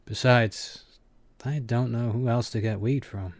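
A man's voice: medium pitch, steady tone, unhurried, no echo. A man voicing a wry, direct young male student who boxes.

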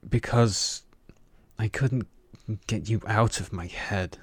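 A cocky, roguish young man who teases and swears with defiant scorn, read by a man in an audiobook. The voice sits fairly low and unhurried. It is recorded close and completely dry. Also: breathy edge, dry recording. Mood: confessing. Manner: teasing, crude, defiant.

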